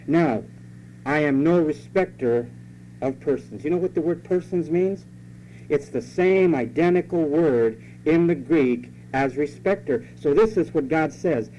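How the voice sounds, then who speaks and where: A male pastor with a somewhat high, expressive, dark-toned voice preaches at a measured pace. He speaks emphatically, repeating key phrases and posing rhetorical questions to the congregation. The lo-fi recording sounds dull, with a faint hum.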